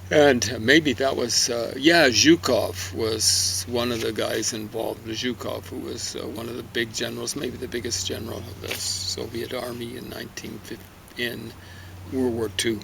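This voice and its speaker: A man's voice: mid-range voice, little pitch movement, unhurried, creaky, a bit bright, slight background noise, poor audio. A man giving a casual, rambling book review outdoors in a garden, musing aloud with many fillers and asides.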